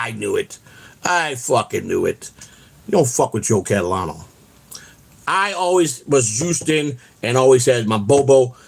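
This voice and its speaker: A middle-aged man, hosting his show, telling boastful stories in a brash, profane, rambling way. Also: mid-range voice. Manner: brash, boastful, swears constantly. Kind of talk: profane storytelling on a livestream.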